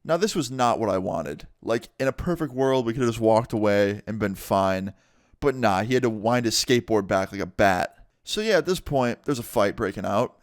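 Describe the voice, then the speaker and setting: A young man casually telling a storytime vlog with animated delivery and heavy swearing. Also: on the low side, smooth, no room sound, clean studio sound. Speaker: vlogger.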